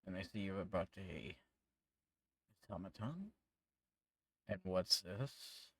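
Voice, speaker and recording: A man voicing a mysterious blind old woman in a tabletop game, speaking slowly and cryptically. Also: low voice, animated, heavily acted. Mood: cryptic. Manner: slow, hushed, cryptic.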